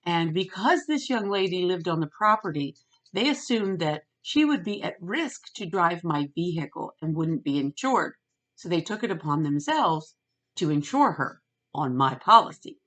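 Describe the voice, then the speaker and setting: A middle-aged woman ranting in a storytime vlog, retelling a phone call and quoting both sides with lively emphasis. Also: fairly low pitch, normal speed. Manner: animated, retells phone calls with quoted voices. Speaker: vlogger.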